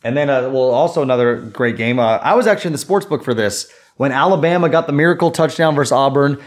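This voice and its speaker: Man, casual sports podcast co-host, middle pitch, rambling with fillers. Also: expressive, quick pace.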